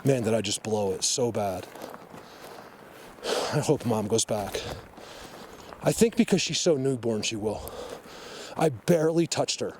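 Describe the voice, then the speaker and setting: A man's voice: mid-range voice, animated, unhurried, pauses often. A man vlogging from the woods on a handheld camera, emotional, speaking soothingly and fretting to his viewers. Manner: emotional, soothing and fretful, addresses viewers directly. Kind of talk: on-the-spot nature vlog. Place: outdoors in the woods. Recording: outdoor noise behind the voice.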